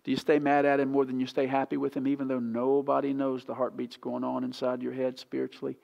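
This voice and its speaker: A pastor preaching a sermon in a church sanctuary, pleading and impassioned, swinging from hushed to loud. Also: male voice, medium pitch, little pitch movement, brisk, gravelly.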